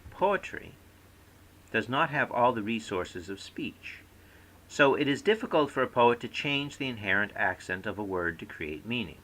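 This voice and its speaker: A man's voice: mid-range voice, very animated, moderate pace, bright, forceful tone, low-quality recording. A man giving a scripted recorded lecture as a course instructor, reading aloud and demonstrating word stress by example.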